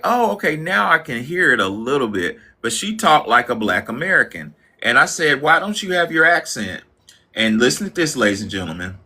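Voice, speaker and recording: A man who teaches, telling an animated anecdote on a panel after a hesitant start. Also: medium pitch. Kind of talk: storytelling in panel talk.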